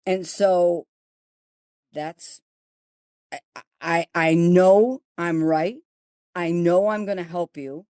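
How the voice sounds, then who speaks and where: A woman's voice: fairly low pitch, slow, long pauses, dry recording, studio quality. Blunt Buffalo-accented woman golf teacher. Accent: Buffalo, New York. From Buffalo, New York. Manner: blunt, animated storyteller who acts out dialogue. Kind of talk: storytelling interview.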